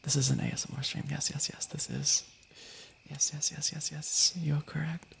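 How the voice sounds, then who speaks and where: A man's voice: on the high side, flat delivery, normal speed, creaky, a bit bright. A young man whispering through an ASMR stream, giggling and cutting himself off as he chats and reads stories aloud. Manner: giggly, playful, keeps interrupting himself.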